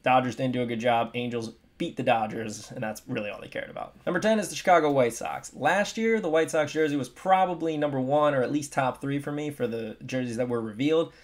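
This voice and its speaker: A young man giving casual, opinionated sports commentary, animated with emphatic swings in his delivery. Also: mid-range voice, brisk, hardly any pauses.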